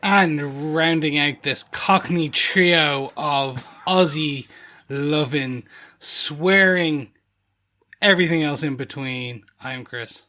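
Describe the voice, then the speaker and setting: Male co-host, higher bright voice, slow and playful. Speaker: podcast co-host. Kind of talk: casual podcast chat.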